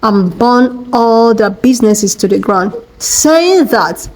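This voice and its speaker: A woman's voice: on the high side, expressive, takes it slowly, a little mellow, rough recording. A woman giving casual commentary on a news story, hesitant and full of fillers. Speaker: social media commentator.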